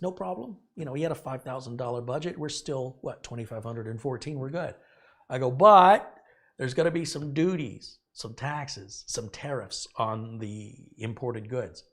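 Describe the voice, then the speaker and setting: A man's voice: mid-range voice, moderate pace, hardly any pauses. A middle-aged man hosting a live stream, casually retelling a story and acting out the quoted dialogue with indignation. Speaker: host.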